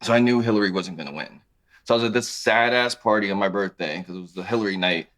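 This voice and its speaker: A man in his thirties, a podcast guest talking about his clothing brand in a relaxed, conversational way. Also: lowish voice, quick pace. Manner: relaxed, conversational, thinks aloud with restarts. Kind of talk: casual interview chat.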